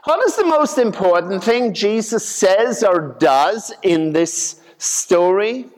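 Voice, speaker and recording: A man preaching a conversational sermon in a folksy way, acting out voices with sudden leaps in pitch. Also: expressive, slow pace. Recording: long reverb of a large hall.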